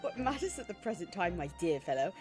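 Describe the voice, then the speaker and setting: A woman's voice: fairly low pitch, sing-song, fast, darkish tone. A woman voicing a pompous, eccentric male detective in a put-on bad British accent, with theatrical, grandiloquent delivery and game music behind. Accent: put-on British, admittedly bad.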